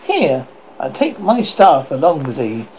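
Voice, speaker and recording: A man voicing a cackling old witch woman who dotes on her creation, in a sharp high tone, on a dull lo-fi recording with faint noise. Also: huge pitch swings, unhurried. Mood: gleeful.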